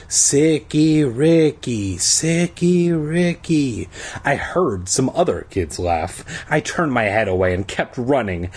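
A man reading a children's book aloud in a comedic way, adding crude joking asides. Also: husky. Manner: lively, rises high for quoted lines. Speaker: reader.

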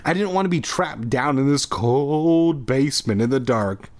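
A man's voice: medium pitch, lively intonation, normal speed, darkish tone. A man hosting a podcast, reading a spooky children's book aloud with irreverent, profane comic asides.

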